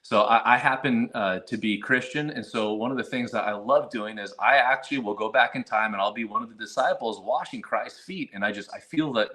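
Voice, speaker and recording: A man talking casually on a podcast, telling lively stories and acting out little quoted moments. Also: medium pitch, brisk, hardly any pauses. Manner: animated storyteller, acts out quotes, frequent restarts. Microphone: remote video call.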